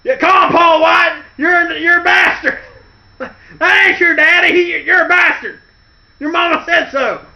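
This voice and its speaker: A man doing a jeering wrestler cop, shouting taunts. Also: very high voice, measured pace, echoey room, pitched above the performer's own voice, heavily acted, rough recording. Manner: jeering, shouting through a megaphone. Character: taunting male wrestler, cop persona, mean.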